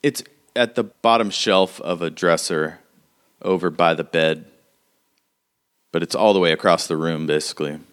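A man's voice: deep voice, moderate pace, a bit bright, clean tone. A man narrating a tabletop game as game master, describing the action casually and vividly, with lots of fillers.

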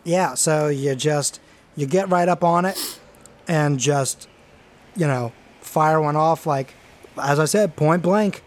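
A man narrating as game master of a tabletop game, casual and halting with many fillers. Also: fairly high pitch.

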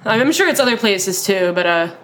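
A woman's voice: mid-range voice, lively intonation, fairly quick, fairly bright tone. A woman with a North Louisiana accent co-hosts a casual, candid podcast. She speaks emphatically and supportively and often finishes her co-host's sentences. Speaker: podcast co-host.

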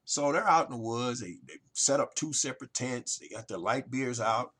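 Husky man giving emphatic rhetorical pep talk. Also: medium pitch, lively intonation, normal speed. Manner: emphatic, rhetorical questions, addresses listeners as ladies and gentlemen. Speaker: podcast host. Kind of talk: motivational marketing monologue.

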